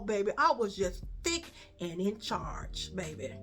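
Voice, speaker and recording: A woman's voice: medium pitch, very animated, measured pace, a bit bright. Chatty woman telling a story. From Chicago. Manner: chatty, repetitive, addresses viewers as y'all and baby. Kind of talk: casual storytime.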